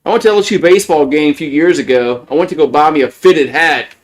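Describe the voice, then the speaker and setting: A man doing casual live play-by-play, rambling between pitches, repeating words and chuckling often. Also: quick pace.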